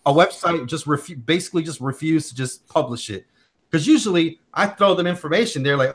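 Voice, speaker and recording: A man's voice: a little high, expressive, brisk, breathy edge. A man hosting a tech livestream, chatting casually in slang and telling a story with lots of fillers and animation. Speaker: tech channel host.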